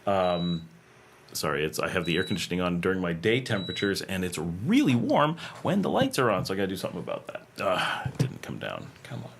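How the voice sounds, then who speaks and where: Low, creaky and very animated, this American man talks a little fast as he hosts a casual home livestream in an air-conditioned room. He reads viewers' comments aloud and rambles through replies with many fillers and restarts, over slight background noise.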